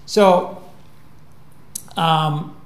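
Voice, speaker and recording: A man giving a public lecture in a relaxed, humorous way, with plenty of fillers. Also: a little high, very slow. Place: lecture hall. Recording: echoey lecture room.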